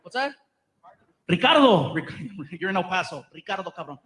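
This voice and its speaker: A man performing stand-up, telling an animated story and acting out the voices, on stage before a live audience. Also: high-pitched, moderate pace, poor audio. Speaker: stand-up comedian. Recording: live stage recording with background noise.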